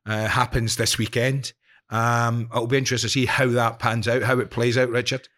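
A man's voice: medium pitch, little pitch movement, normal speed, fairly bright tone. A man co-hosting a football podcast, teasing and bantering in casual chat. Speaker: podcast co-host.

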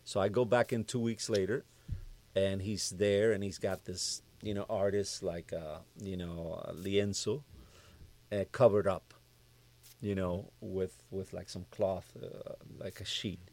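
A man's voice: deep voice, measured pace. A middle-aged man, a music producer, telling stories as a podcast guest and acting out what others said. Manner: animated storyteller who acts out what others said. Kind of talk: casual storytelling interview.

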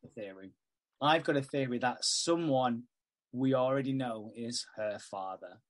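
With a mid-range voice and a slightly slow pace, a podcast host swears freely and laughs easily while casually retelling a soap episode and performing the characters' dialogue.

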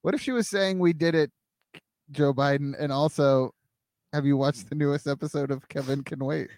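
A man riffs through a comedic podcast chat in a playful, tangent-prone way. His voice sits a touch high. The sound is dry and close to the mic. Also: fairly even intonation, moderate pace, darkish tone, no room sound. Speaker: podcast co-host.

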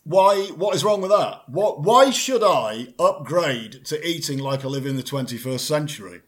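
A man, chatting in a deadpan comedy double act, pedantic and self-assured, rambling with restarts. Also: a little high, normal speed.

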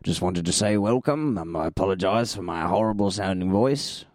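A young man hosting a casual solo podcast, hoarse and tired, rambling along in a self-deprecating way and laughing often. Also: normal speed, darkish tone, no echo, studio quality. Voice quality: gravelly, sandpapery. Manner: low energy, tired. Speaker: podcast host.

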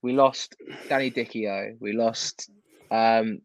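A man's voice: on the low side, steady tone, slow, dry recording. A man in casual football chat, blunt and ranting, with some swearing. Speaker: football podcast co-host. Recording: dull lo-fi sound.

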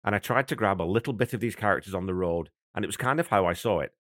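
Low-voiced man hosting a music podcast. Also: quick pace, a bit bright, dry recording, clean studio sound. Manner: thoughtful, conversational, enthusiastic about music. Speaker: podcast host. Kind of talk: podcast song breakdown.

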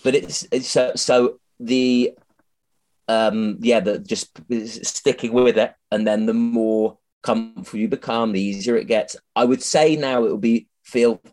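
A man's voice: mid-range voice, fairly even intonation, a little slow, darkish tone. A man, a comedian being interviewed on a podcast, chatty and self-mocking, swearing freely and often restarting his sentences. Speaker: comedian guest.

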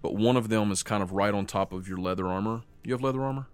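Man, game master, low voice, vivid scene narration. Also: smooth. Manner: vivid, descriptive narration with quick rules calls.

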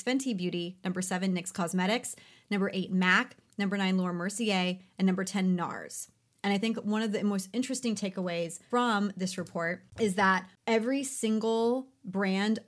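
A woman co-hosting a podcast, chatting casually and quizzing her co-host. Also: medium pitch.

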